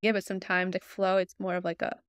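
A woman calmly walking viewers step by step through a software tutorial. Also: on the low side, brisk, clear, resonant tone, no echo, clean studio sound. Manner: friendly, explanatory, step-by-step. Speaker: tutorial host. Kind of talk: screen-recorded software tutorial.

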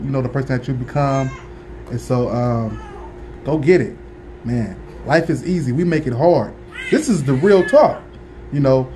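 A man's voice: mid-range voice, darkish tone. Thirtysomething guy rambling about a book at home, easygoing slang, lots of um and uh, faint noise behind. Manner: laid-back slang, frequent fillers and restarts. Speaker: vlogger reviewing a book. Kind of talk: casual direct-to-camera book review.

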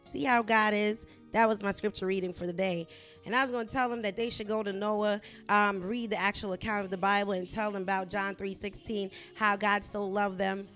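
A middle-aged woman hosting a Christian talk show, animated as she tells a personal faith story. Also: medium pitch, brisk, soft background music. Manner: animated storytelling, rising loud when reenacting herself.

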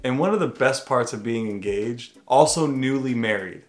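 A man's voice: mid-range voice, normal speed. A young man in casual chat with his wife, telling their story in a joking, teasing way.

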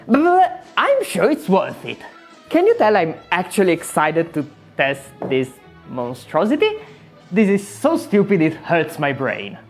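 A woman narrates in a hammy, sarcastic villain persona. Her pitch leaps wildly between lines, and her voice has a husky, breathy edge. Faint music plays underneath. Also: huge pitch swings, measured pace. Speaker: YouTube maker.

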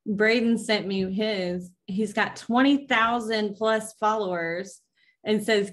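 A woman's voice: medium pitch, steady tone, slow pace. Chatty woman hosting a live stream. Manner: chatty, greets viewers by name. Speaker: host of a racing recap show. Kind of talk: casual live-stream chat.

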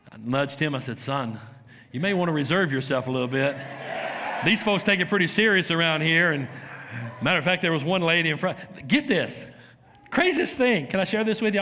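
A man preaches from the pulpit, his high voice bright and lively as it swings up and down. He tells his stories with laughter and breaks into shouts when he acts them out. The sound carries a long church-hall reverb. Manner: animated storytelling, laughs and shouts while acting out scenes. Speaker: pastor. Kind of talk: sermon. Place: church sanctuary.

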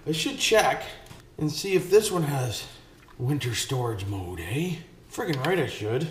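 A man from Canada, chatting folksy and casual in a vlog, dropping "eh" and "friggin' right" all the time. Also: medium pitch. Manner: folksy, repeats tag phrases like "eh" and "friggin' right". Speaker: vlogger. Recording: echoey space with faint noise.

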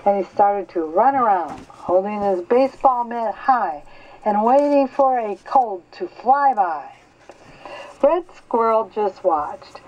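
An older woman reading a children's story aloud in a slow, gentle, clear way. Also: mid-range voice. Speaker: storybook reader. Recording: slightly dull lo-fi recording.

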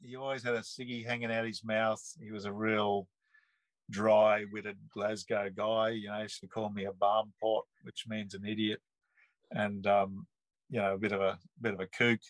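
A man, telling a personal story in a relaxed, rambling way full of earthy slang and restarts. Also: fairly low pitch, normal speed, no echo, low-quality recording. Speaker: interview guest. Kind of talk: casual storytelling.

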